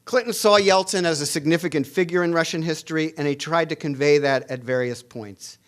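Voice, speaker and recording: A middle-aged man delivers a public lecture in a lecture hall at a forum. His pitch sits a little above the usual for a man. He talks in a measured way, with "uh" fillers and restarts, and leans on quoted lines when he reads them out. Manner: reads quoted dialogue aloud with added emphasis. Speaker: international relations professor giving a lecture.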